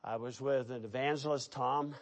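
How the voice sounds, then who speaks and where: A middle-aged man preaching a sermon, telling stories with lively, animated delivery. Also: mid-range voice, normal speed, a little hiss or hum. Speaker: pastor.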